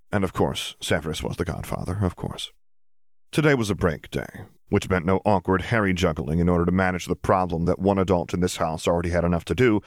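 A man narrating a fantasy story in a steady, even reading. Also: sits low, dry recording, clean studio sound. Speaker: audiobook narrator. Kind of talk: fan fiction audiobook reading.

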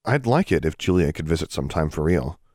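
A man reading the lines of a blunt, guarded teenage girl in an audiobook, in much his own low voice. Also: big pitch swings, quick pace, a little mellow, no echo, clean studio sound, heavily acted. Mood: earnest.

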